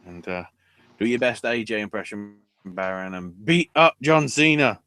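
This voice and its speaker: A man's voice: on the low side, moderate pace, pushed and bright, clear, resonant tone, dry recording, clean studio sound. Sweary man on a podcast. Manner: sweary, sarcastic, acts out quotes in bursts. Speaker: wrestling podcast host. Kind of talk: casual podcast chat.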